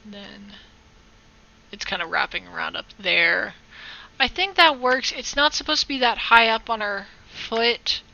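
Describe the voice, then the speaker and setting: A woman with a mid-range voice talks slowly through a casual live-stream art tutorial, bright and sharp with a gravelly fry underneath. She rambles, jokes, corrects herself mid-sentence and talks to chat, over dull, lo-fi audio.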